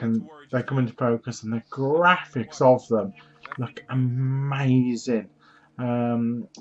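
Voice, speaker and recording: A man hosting a gaming channel talks through a trailer in a loose, rambling way, filling pauses with plenty of ums. His voice sits at an ordinary middle pitch. The recording sounds dull and lo-fi. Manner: chatty, rambling retelling with many fillers. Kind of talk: casual trailer recap.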